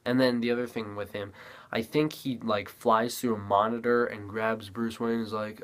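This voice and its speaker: Low-voiced man rambling through a movie review. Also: level tone, moderate pace. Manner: rambling, restarts sentences, acts out quotes. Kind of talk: casual spoken review.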